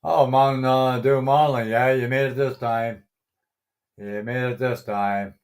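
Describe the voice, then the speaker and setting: A man's voice: medium pitch, fairly even intonation, measured pace. A middle-aged man hosting a casual live stream, greeting viewers by name, chuckling often and swearing mildly. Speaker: livestream host.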